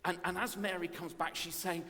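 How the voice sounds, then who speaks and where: A man preaching at a playful family service, animated and self-mocking as he tells the story. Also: high voice, moderate pace. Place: church. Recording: long reverb of a church hall.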